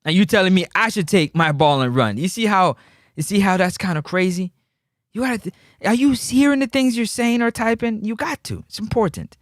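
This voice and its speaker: A man hosting a live call-in football show, teasing and animated in his street slang. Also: high-pitched, fairly quick, no room sound, clean studio sound. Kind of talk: casual live sports talk.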